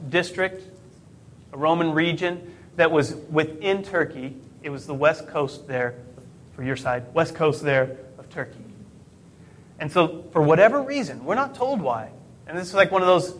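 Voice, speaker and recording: High-voiced man preaching. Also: fairly bright tone. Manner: conversational preaching, rhetorical questions, self-corrections. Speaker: pastor. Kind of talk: sermon.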